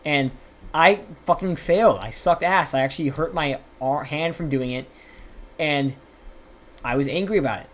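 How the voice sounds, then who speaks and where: A man's voice: a little high, moderate pace, fairly bright tone, a little hiss or hum. A young man telling a rambling, profane story while streaming a game live.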